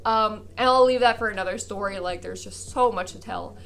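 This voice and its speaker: A young woman vlogger telling a funny personal story in a casual, animated way, acting out the people she quotes and laughing often. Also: mid-range voice, fairly quick, gravelly, a little hiss or hum.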